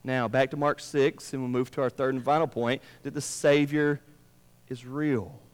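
A man's voice: mid-range voice, steady tone, normal speed, clear, resonant tone. Man preaching in a reverberant church. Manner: dynamic preaching, swinging from emphatic to hushed. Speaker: pastor. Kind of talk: sermon. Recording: long reverb of a large room.

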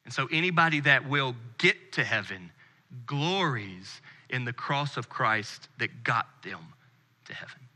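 A man in his thirties from the United States preaching a sermon with earnest intensity, dropping to a hush on key phrases. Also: mid-range voice, lively intonation, a little slow. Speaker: pastor. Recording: long hall reverb.

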